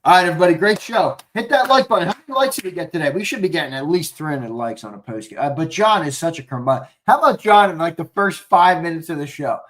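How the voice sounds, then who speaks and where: A young man with a Philadelphia accent co-hosting a live sports show, talking excitably and swearing freely while reading viewer comments. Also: fairly high pitch, quick pace, hardly any pauses. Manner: excitable, profane, rambling, reads chat comments aloud. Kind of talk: casual live-stream sign-off chat.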